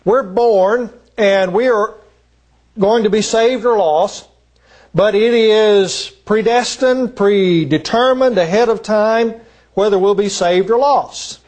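A man preaching a sermon from the pulpit as a visiting gospel preacher, deliberate and emphatic, with frequent hesitant pauses. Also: sits high, a little mellow. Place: church.

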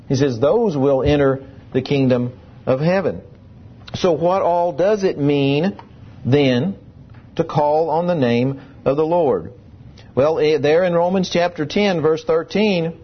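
Male preacher, higher voice, husky, dull lo-fi sound, emphatic sermon delivery. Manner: emphatic, rhetorical questions.

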